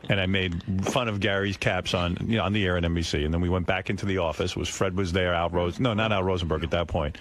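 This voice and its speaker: A man's voice: deep voice, a little fast, a little hiss or hum. An older man hosting a radio talk show, telling stories and mocking his coworkers. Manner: storytelling, mocking, quotes others in put-on voices. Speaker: radio host. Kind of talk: casual radio banter.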